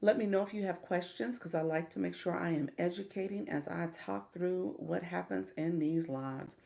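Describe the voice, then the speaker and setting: A woman's voice: fairly low pitch, normal speed, creaky, warm tone. A middle-aged woman coaching during a casual live stream, chatty, greeting viewers by name and laughing often. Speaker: livestream coach.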